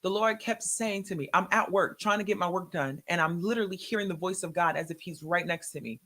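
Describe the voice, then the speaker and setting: A woman telling an emotional personal testimony in a conversation, animated and acting out the words in quotes. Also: fairly low pitch, a little fast. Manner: animated, acts out her own and others' words in quotes. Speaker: guest sharing a testimony.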